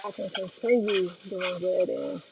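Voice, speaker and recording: A woman short on sleep cooks dinner in her home kitchen while hosting a casual phone livestream, reading viewer comments aloud and responding in a chatty way. Her voice is lowish, fairly even, and a little slow, with heavy background noise from clattering pans and cutlery.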